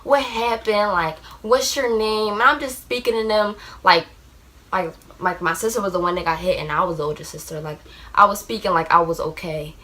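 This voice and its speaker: Bright-voiced young woman telling a story. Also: fairly low pitch, brisk. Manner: rambling, heavy use of "like", acts out shouted quotes. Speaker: vlogger. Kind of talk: storytime vlog, casual retelling.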